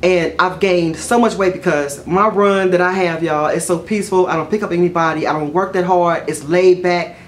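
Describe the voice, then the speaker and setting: A middle-aged woman, telling stories to camera in a chatty, expressive way and often saying "y'all.". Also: on the low side, normal speed, hardly any pauses, a little hiss or hum. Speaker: vlogger. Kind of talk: casual storytelling to camera.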